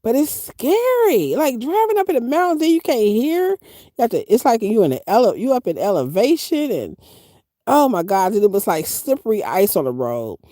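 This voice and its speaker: A woman's voice: a little high, normal speed, no room sound, clean studio sound. A middle-aged woman live-streaming from inside her van, chatting casually and reading viewer comments aloud. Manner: animated, chatty, reads chat aloud, Southern Black vernacular grammar. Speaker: van-dwelling travel vlogger.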